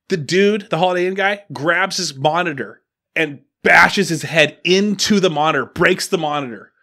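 Bright-voiced rambling man telling a story. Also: a little high, moderate pace. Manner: rambling storyteller, acts out quotes with restarts. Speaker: podcast host. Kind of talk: casual chat.

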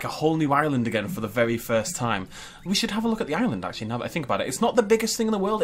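A man's voice: on the high side, slight background noise. Chatty New gamer man. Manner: chatty and excitable, thinks aloud. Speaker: gaming YouTuber. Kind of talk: gameplay commentary.

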